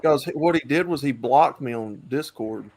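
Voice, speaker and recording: A man's voice: mid-range voice, normal speed, darkish tone, slight background noise. A man hosting an online talk stream, chatting casually in a loose, rambling way with many fillers. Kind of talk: casual chat.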